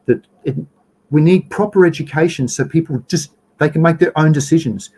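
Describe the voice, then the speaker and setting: An Australian man hosting a live stream in a loose, chatty way. He is blunt and profane, and he rants openly at his viewers. His voice sits at an ordinary middle pitch for a man. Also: a little mellow, low-quality recording. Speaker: livestream host. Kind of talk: casual live stream chat.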